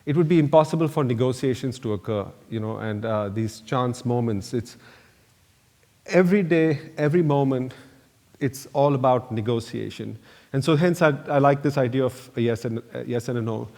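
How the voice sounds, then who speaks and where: A man's voice: medium pitch, normal speed, a little mellow. A man, an architect giving a slide lecture, telling loose anecdotes full of "you know" fillers. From India. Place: lecture hall. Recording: echoey lecture hall reverb.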